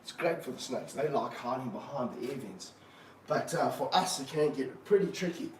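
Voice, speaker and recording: A man keeping snakes, talking through a live stream as he handles one, with excited bursts and low muttered asides. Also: moderate pace. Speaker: snake keeper. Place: room of snake enclosures, indoors. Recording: roomy, from a distance, faint background hum.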